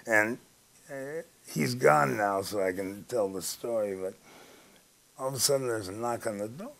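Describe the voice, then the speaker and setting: A man's voice: on the low side, normal speed, gravelly, fairly bright tone, low-quality recording. A former ballplayer telling a rambling anecdote in an interview, acting out the dialogue as he goes. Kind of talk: storytelling interview.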